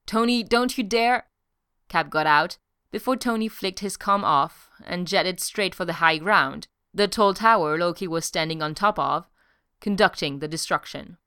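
A woman narrating an audiobook story in a steady, even-paced way. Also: fairly low pitch, moderate pace, clean tone, no echo, clean studio sound. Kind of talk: audiobook narration of fan fiction.

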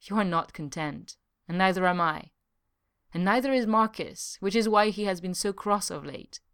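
A woman reading the part of a frank, caring young woman in a storybook, soft and earnest. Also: mid-range voice, expressive, moderate pace, smooth. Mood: gentle.

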